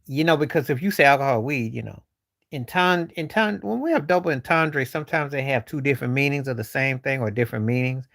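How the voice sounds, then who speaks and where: A man's voice: mid-range voice, vocal fry, a bit bright, no room sound, clean studio sound. A man hosting a livestream, rambling loosely with slang while answering viewers in casual chat. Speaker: livestream host.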